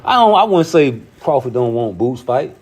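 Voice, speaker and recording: A man's voice: big pitch swings, normal speed. Cussing guy ranting casual on his show, emphatic, voice shoots up when he gets worked up. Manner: profane, emphatic, jumps high when heated. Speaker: show host. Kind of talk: casual commentary.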